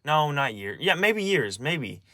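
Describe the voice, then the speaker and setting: A man's voice: on the high side, sing-song, a little slow, bright, forceful tone, no room sound. Agitated young man, dry close sound. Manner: agitated, rambling, swearing, many restarts. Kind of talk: personal confessional vlog.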